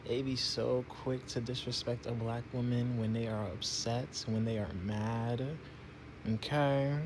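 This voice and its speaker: A man's voice: medium pitch, little pitch movement, measured pace, background noise. A man ranting emphatically on social media, repeating his points. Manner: emphatic, repetitive. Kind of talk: casual social media rant.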